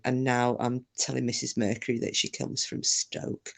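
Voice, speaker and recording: A woman's voice: very deep voice, lively intonation, moderate pace, vocal fry, few pauses, darkish tone. A woman from England hosting a casual livestream chat, talking freely and reading out viewer comments with self-deprecating humour. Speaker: livestream host.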